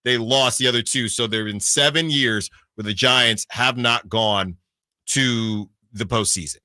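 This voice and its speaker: A man's voice: medium pitch, unhurried, sharp tone, no echo, studio quality. A man hosting sports radio, reading out team records in casual talk and checking himself as he goes. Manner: reads out records, self-checking.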